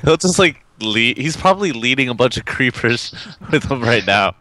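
A man's voice: mid-range voice, animated, normal speed, bright, forceful tone, low-quality recording. A man chatting casually with friends during an online game, laid-back with dry humor. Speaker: Minecraft server player. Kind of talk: casual gaming chat.

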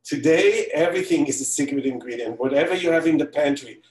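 A man's voice: fairly high pitch, fast talker, darkish tone. A man, a celebrity pastry chef, giving a live baking demonstration from his home kitchen, talking casually with joking asides as he works. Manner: chatty, joking asides while working. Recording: echoey kitchen, distant mic.

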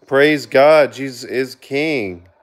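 Man, livestream host, reads chat aloud, quick shout-outs, sudden excited bursts, mid-range voice. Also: medium pitch. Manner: earnest, with sudden excited outbursts. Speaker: livestreamer reading viewer chat. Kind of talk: casual live-stream chat.

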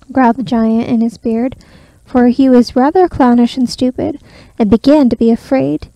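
A woman gently reading a fairy tale aloud in a soft ASMR style, close to the microphone, partly whispered. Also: high voice, normal speed, vocal fry, no echo, rough recording. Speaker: ASMR storyteller.

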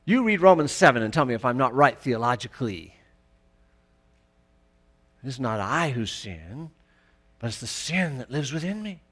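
A male pastor preaching a sermon in church, emphatic, rising to loud peaks. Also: medium pitch, sing-song, normal speed, pauses often.

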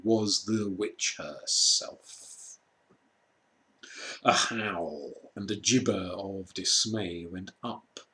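Slow, measured man reading a storybook. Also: fairly low pitch, sharp tone. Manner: slow, measured, dramatic pauses. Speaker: reader. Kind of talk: storybook read aloud.

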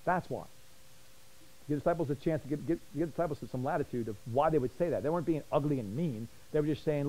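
A man teaching a Bible study, fast and passionate, often repeating words as he gets excited. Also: mid-range voice, low-quality recording.

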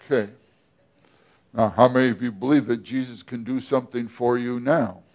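A man preaching a sermon as pastor, often asking the congregation questions and pausing between phrases. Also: mid-range voice, fairly even intonation, darkish tone. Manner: asks the congregation questions, with pauses and restarts.

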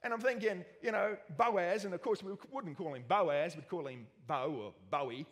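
A man with an Australian accent preaching a sermon in a church, jokey and animated with self-mocking asides. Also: sits high, normal speed. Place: church hall. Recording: long church hall reverb.

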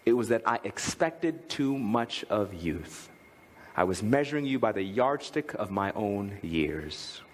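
A man's voice: a little slow, long reverb tail, slight background noise. A man preaching a sermon as pastor, telling a family story and reading a poem aloud with big swings in tone. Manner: lively, swings from high to low when reading aloud. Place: church.

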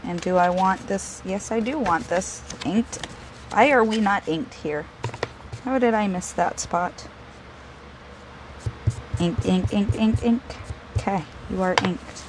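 A woman's voice: medium pitch, measured pace, a little hiss or hum, poor audio. A woman hosting a casual crafting video, chatting and joking at herself as she works. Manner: chatty, self-deprecating, talks to herself while working.

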